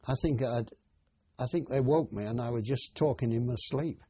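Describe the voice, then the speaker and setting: An older man, a war veteran, telling his memories in a plain, unhurried oral history interview. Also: mid-range voice, warm tone, breathy edge, no room sound. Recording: dull, dry archive interview recording.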